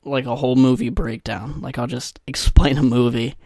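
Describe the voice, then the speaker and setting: Rambling young podcast host, dry close mic. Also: male voice, mid-range voice, steady tone, normal speed, a little mellow, dry recording. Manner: rambling, crude, self-deprecating humor. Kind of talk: solo casual podcast monologue. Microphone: podcast microphone.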